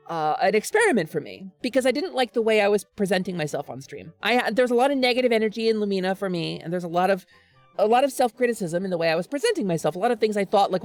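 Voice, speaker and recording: Woman, streamer, casual chat, earnest, frequent laughs, restarts sentences, expressive pitch, close dry sound. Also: dry recording. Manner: earnest, animated, laughs often.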